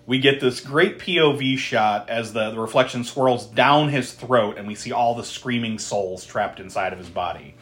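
A podcast co-host in loose, casual chat who walks through a film scene by scene. The voice sits in an ordinary middle pitch, broken up by frequent laughs, blunt swearing and dry, sarcastic asides. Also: moderate pace, few pauses, a bit bright.

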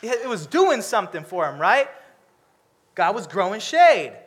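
Male preacher, sermon, animated, comic asides, bright tone, high pitch. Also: moderate pace, slightly rough. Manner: animated, acts out characters with comic voices.

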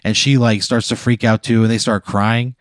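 A man's voice: on the low side, little pitch movement, normal speed, no room sound, clean studio sound. A man running a tabletop game as game master, narrating loosely with frequent laughs and fillers. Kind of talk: casual improvised game narration.

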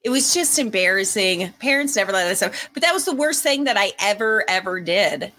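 Bright-voiced, lively woman in her forties. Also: mid-range voice, brisk. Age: 40s. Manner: animated storyteller, laughs often. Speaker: podcast co-host. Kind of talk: casual chat.

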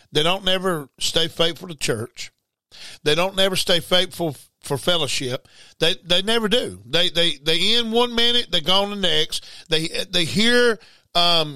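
A man's voice: high-pitched, pushed and bright, no room sound. A man preaching a sermon, emphatic and repetitive, reading scripture aloud. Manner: emphatic, repeats words, reads scripture aloud.

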